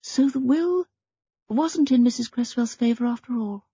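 A woman's voice: on the high side, moderate pace, warm tone, breathy edge, no room sound, highs cut off, voice pushed up. A woman voicing a shrewd, genteel elderly spinster with a prim, murmuring, thoughtful manner. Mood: musing. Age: older.

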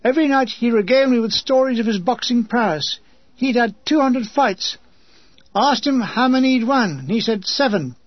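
A man's voice: very high voice, animated, normal speed, dry recording, dull audio. A man reading a memoir in a dry comic storytelling manner. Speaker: narrator. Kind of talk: scripted memoir narration.

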